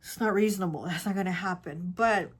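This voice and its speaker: Soft-spoken woman telling a rambling story. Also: fairly low pitch, fairly quick, husky. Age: adult with children. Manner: rambling, repeats herself, many "like" and "you know". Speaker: tarot reader. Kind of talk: casual personal storytelling.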